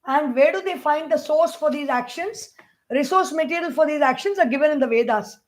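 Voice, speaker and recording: A woman with an Indian English accent delivers a scriptural discourse in a high voice. She talks in a measured, explanatory teaching manner. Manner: measured explanatory teaching with chanted Sanskrit verses. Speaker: spiritual teacher.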